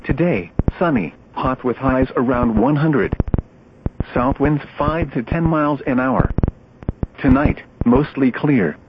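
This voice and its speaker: A man's voice: mid-range voice, slow pace. A computer-generated male voice reading a weather broadcast in clipped, evenly spaced phrases, each chopped apart from the next. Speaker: weather radio announcer. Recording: dull lo-fi radio with loud static.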